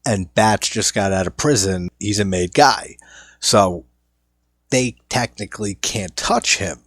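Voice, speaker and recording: A man's voice: lowish voice, measured pace, fairly bright tone, no echo, studio quality. A man hosting a casual film commentary, enthusiastically recounting scenes and often laughing. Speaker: film review host.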